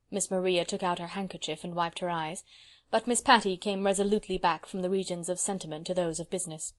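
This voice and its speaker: A woman reading a classic novel aloud as an audiobook narrator, softly and evenly. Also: fairly low pitch, fairly even intonation, quick pace.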